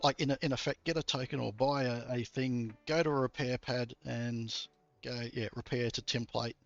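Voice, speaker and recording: A man's voice: mid-range voice, fairly even intonation, moderate pace, creaky. A man streaming a game, chatting casually and rambling, with occasional swearing. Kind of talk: casual chat. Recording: dull lo-fi stream audio with faint music.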